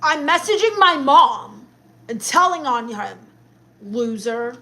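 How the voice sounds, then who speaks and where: A high-pitched young woman reads her chat on a livestream. She answers viewers with sassy, snappy comebacks. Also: big pitch swings, unhurried, sharp tone. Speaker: live streamer. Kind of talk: in-character comedy livestream reading chat.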